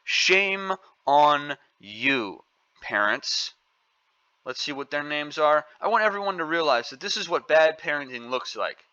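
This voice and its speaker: Angry guy ranting on his commentary channel, really sharp bright voice, kinda dull mic. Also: on the high side, brisk, hardly any pauses, no echo. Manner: indignant, scolding, repetitive.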